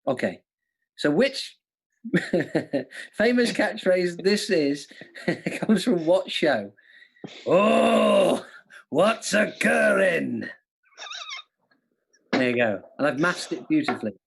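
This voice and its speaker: A man's voice: a little high, animated, takes it slowly, pauses often, slightly rough. A man hosting a live quiz, playful and self-mocking, often laughing at his own jokes. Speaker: quiz host. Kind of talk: live-streamed quiz hosting with jokey impressions. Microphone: studio mic with monitors.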